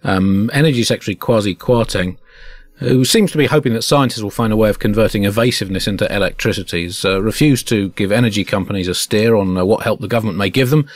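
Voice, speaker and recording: A man's voice: fairly low pitch, fast talker, no room sound. A man hosting a satirical comedy podcast, wry and mock-pompous. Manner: wry, pun-heavy, mock-pompous delivery.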